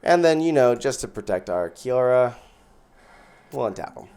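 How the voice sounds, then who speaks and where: A man's voice: medium pitch, expressive, moderate pace, mellow, clear, resonant tone. A man giving casual gameplay commentary as host, thinking aloud and counting out his mana as he plays. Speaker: gaming channel host.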